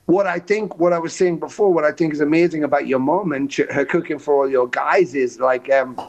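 A man's voice: a little high, brisk, darkish tone, muffled recording. A man, a touring musician, telling long road stories in a podcast chat, swearing casually and acting out the voices of people he quotes. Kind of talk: animated storytelling in conversation.

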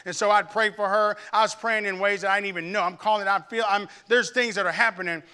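A man from Arkansas preaching a sermon in church, telling a personal story and building to loud, emphatic preaching. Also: high voice, steady tone, fast talker, clear, resonant tone. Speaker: pastor.

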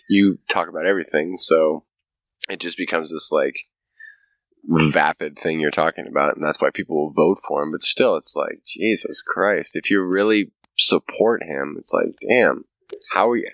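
Brief: very deep-voiced male podcast host, profane and ranting, dry close sound. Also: a bit bright, no room sound. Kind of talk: casual chat.

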